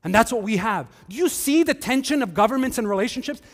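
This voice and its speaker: A man preaching a sermon as pastor, animated, with joking asides and acted-out quotes. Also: extremely high pitch, fast talker, in a large hall.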